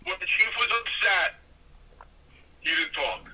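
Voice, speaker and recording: An older man, a former wrestler, telling a story casually with a husky voice and acting out what others said in their voices. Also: high voice, slow pace, noisy background. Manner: animated, acts out other people's lines in their voices.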